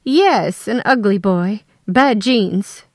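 A woman voicing a bossy, indignant older mother who snaps in a shrill voice. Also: expressive, slow, no echo, studio quality. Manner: snapping, high and loud.

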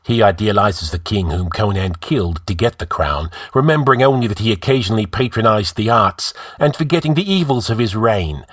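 A man's voice: fairly low pitch, expressive, fairly quick, hardly any pauses, a bit bright, no echo, studio quality, voice pushed up. A man voicing an arrogant, scheming male outlaw who gives orders in a commanding, scornful way.

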